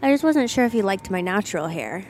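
A woman's voice: mid-range voice, sing-song, quick pace, darkish tone, a little hiss or hum. A woman from Kansas co-hosting a podcast in casual chat, dry and understated. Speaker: podcast co-host.

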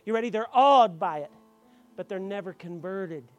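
A high-pitched man with lively intonation preaches to a congregation in church at a normal speed, with soft music in the background. He starts by explaining quietly, then preaches loudly and fervently, calling out members by name.

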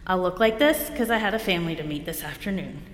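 At a recovery meeting in a hall with long reverb, a woman from New Jersey talks fast and expressively in a voice on the low side. Her candid share is blunt and wry, full of self-deprecation and bursts of laughter.

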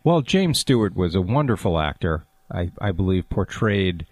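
Super deep stiff guy on the radio, all formal and hesitant. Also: very animated, normal speed, a little mellow, breathy edge, no echo. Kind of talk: comedic talk radio banter.

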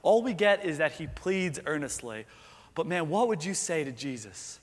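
A man's voice: on the high side, animated, normal speed, in a large hall. A man preaching a sermon in an earnest, conversational way, full of rhetorical questions. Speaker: pastor.

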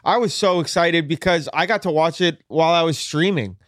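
A man's voice: on the high side, fairly quick, fairly bright tone, no echo, clean studio sound. A young man co-hosting a podcast, crude and joking in loose bro talk. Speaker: podcast co-host. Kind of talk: casual chat.

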